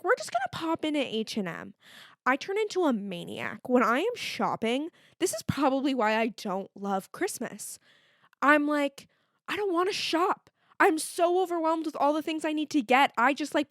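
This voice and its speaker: A woman's voice: on the high side, no echo. Solo podcast host, woman in her twenties, swears freely, rambling casual delivery, dry close mic. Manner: chatty, candid, lots of fillers and swearing. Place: home.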